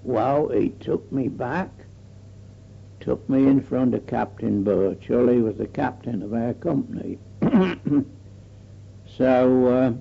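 A man's voice: mid-range voice, slow, vocal fry, pauses often, slightly rough, muffled recording. An older man recalls his wartime days in a rambling oral-history manner, full of fillers and restarts. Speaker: war veteran recalling memories.

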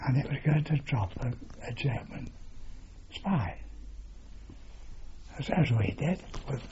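Slow-talking older man on a lo-fi recording. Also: medium pitch. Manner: halting, with fillers and mild swearing. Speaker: veteran recounting his service. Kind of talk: oral history reminiscence. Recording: dull lo-fi recording with steady noise.

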